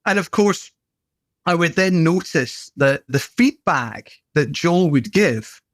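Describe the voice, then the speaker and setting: A man's voice: on the high side, takes it slowly, dry recording. A middle-aged British man chatting casually as a podcast guest, telling stories with playful put-on voices. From United Kingdom. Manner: animated storyteller, does playful voices. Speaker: podcast guest, gym owner. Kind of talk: casual conversation.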